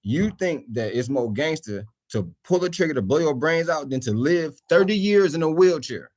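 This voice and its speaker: A man on a podcast pushing back in a casual debate and asking for clearer words. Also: a little high, lively intonation, normal speed, a little mellow. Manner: argumentative, pushes back, asks for clarity. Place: live podcast studio.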